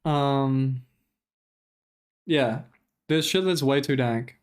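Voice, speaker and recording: A man's voice: mid-range voice, drawn-out words, clean tone. A young man streaming, talking casually in a profane, rambling and exasperated way while commenting live.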